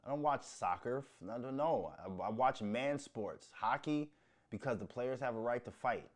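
A man's voice: medium pitch, expressive, normal speed. A man hosting a casual solo podcast, talking bluntly with lots of swearing and joking. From United States. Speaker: podcast host.

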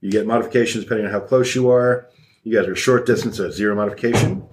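A man's voice: fairly low pitch, steady tone, very fast. A man running a tabletop game as game master, narrating loosely with frequent restarts. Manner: loose and rambling, with many restarts. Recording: roomy table recording.

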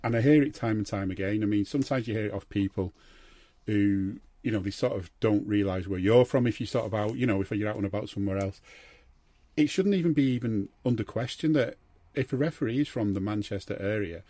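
A man's voice: fairly low pitch, brisk, dark tone, dry recording. A man, a podcast co-host talking heatedly in a rambling way, full of fillers and restarts. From Liverpool. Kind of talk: casual football podcast chat.

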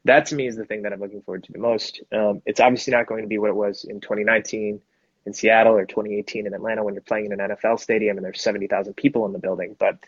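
A man co-hosting a casual live show, chatting in a relaxed, self-deprecating way about an upcoming soccer final. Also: on the low side, rapid-fire, breathy edge, no room sound, highs cut off. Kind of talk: casual match preview chat.

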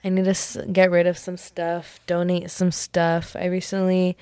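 With a fairly low, warm, clean voice, she speaks in a monotone at a moderate pace, and the studio-quality recording has no room sound. She's a young woman hosting a podcast alone, casual and rambling, giggly and self-correcting, laughing things off as jokes with lots of "like" and "just kidding."

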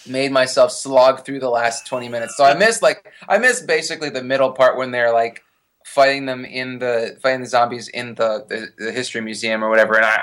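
A man in a casual chat, talking at a middling pitch and mocking things with wry asides. He speaks in an easy, conversational way. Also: a bit bright. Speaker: podcast co-host.

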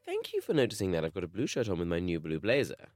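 Chatting casually as a podcast co-host, a man tells stories in an animated style, his voice swinging widely in pitch. He talks fast, and the studio sound is clean with no room tone.

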